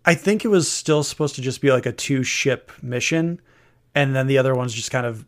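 A man's voice: mid-range voice, fairly quick. Man casually critiquing a film. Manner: critical, picks apart dialogue. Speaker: podcast co-host. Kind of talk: casual film review chat.

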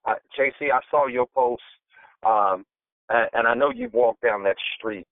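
A man's voice: mid-range voice, moderate pace, no room sound. A man preaching a sermon to listeners on a call, in a rhythmic, repetitive cadence with stammered restarts. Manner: calls out to listeners on the line. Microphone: phone. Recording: tinny phone line, dry.

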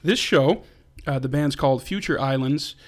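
A man's voice: medium pitch, moderate pace. A man co-hosting a podcast, enthusiastically introducing a band in casual chat. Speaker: podcast co-host.

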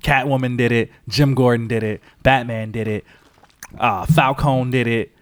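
A young man co-hosting a casual movie review chat, animated and swearing a lot, often mimicking voices. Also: mid-range voice, moderate pace, dry recording. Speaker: podcast co-host.

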